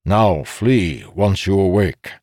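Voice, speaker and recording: A man's voice: deep voice, slow, darkish tone, no room sound, clean studio sound, voice pushed up. A man voicing a droning old codger who lectures in a firm, scolding tone. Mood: stern.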